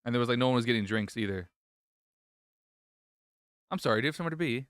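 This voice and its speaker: A man co-hosting a podcast in casual chat, teasing and cracking quick jokes. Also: mid-range voice, lively intonation, fairly bright tone, clean tone, no echo, studio quality. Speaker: podcast co-host.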